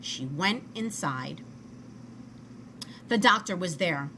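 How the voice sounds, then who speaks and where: A woman reading a children's story aloud in an expressive, animated way. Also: fairly low pitch, slow pace, slight background noise. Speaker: storybook reader.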